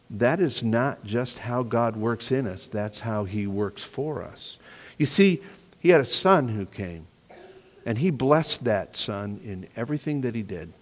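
Slow-preaching pastor in an echoing hall. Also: male voice, medium pitch. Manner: earnest, questioning, drops to quiet emphasis. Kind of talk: sermon. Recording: echoey hall reverb.

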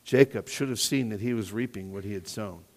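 A man preaching a sermon as pastor, earnest and questioning, often dropping to quiet emphasis. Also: fairly low pitch, fairly quick. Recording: echoey hall reverb.

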